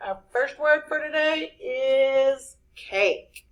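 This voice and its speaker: A woman teacher, walking young children through spelling words one letter at a time. Her voice sits a little high, and she speaks very slowly and deliberately, leaving room for the class to repeat after her. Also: animated, rough recording.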